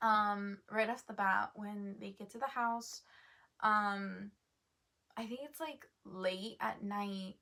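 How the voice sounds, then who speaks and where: A woman's voice: medium pitch, steady tone, slow, bright, forceful tone. A woman chatting casually about a book she read, rambling and full of fillers, stopping often to correct herself. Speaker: book reviewer. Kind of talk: casual book review chat.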